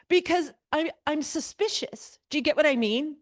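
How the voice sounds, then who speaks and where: A woman's voice: high voice, moderate pace, hardly any pauses, dry recording, studio quality. A woman teaching an adult church class on a novel. She talks animatedly, questions her students and pokes fun at wordy passages. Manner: mocks long-winded speech with playful asides. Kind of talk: literature class lecture.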